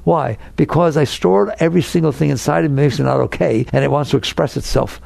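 A man giving an inspirational talk as a spiritual teacher, animated and acting out anxious inner voices. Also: fairly high pitch, brisk, gravelly, dry recording.

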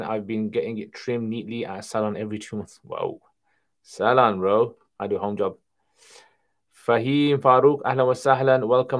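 A man hosting a casual livestream Q&A, reading viewer questions aloud and answering them in a relaxed conversational way. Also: mid-range voice. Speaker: Islamic Q&A livestream host.

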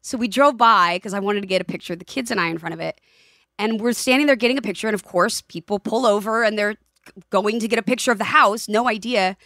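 A woman in her forties co-hosting a podcast, casual chat, telling lively anecdotes and acting out the voices in them. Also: medium pitch, fast talker, no echo, clean studio sound. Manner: animated storyteller, acts out voices in anecdotes. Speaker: podcast co-host.

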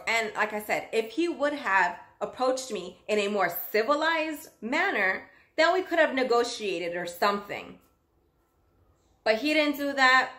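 A woman working as a nanny, telling her own story in a chatty, animated vlog style. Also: on the high side. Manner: chatty and animated, acts out quotes. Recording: roomy echoey room.

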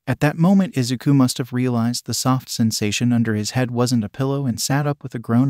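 A man reading fan fiction aloud in an even, literal narration. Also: mid-range voice, brisk, hardly any pauses, no echo, clean studio sound. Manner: even, literal reading, reads out sound words.

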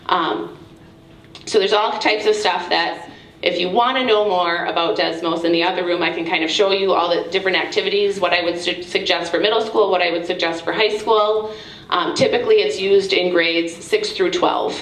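A woman's voice: lowish voice, steady tone, normal speed, fairly bright tone. A woman casually explaining a math tool to teachers at an event. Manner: chatty, informal. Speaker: presenter. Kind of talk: casual demo talk. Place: museum event room. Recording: echoey room.

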